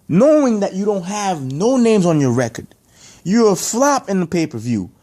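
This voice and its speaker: Heated, mellow-voiced man ranting about boxing. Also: high-pitched. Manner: heated, emphatic, repeats points, rhetorical questions. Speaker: boxing commentator. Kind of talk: opinionated boxing rant.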